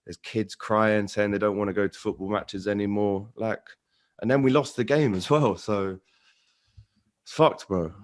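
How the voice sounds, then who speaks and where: A man from London giving a heated, ranting take as a guest in a casual chat. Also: on the low side.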